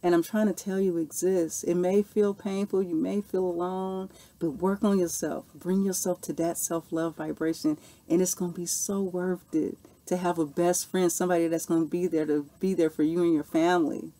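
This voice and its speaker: An earnest woman in her forties with a slightly low voice. She answers viewer questions through her own personal story, in a loose, heartfelt vlog manner full of "okay" and "you know". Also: little pitch movement, moderate pace, hardly any pauses, dark tone. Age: 40s. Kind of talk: casual Q&A monologue.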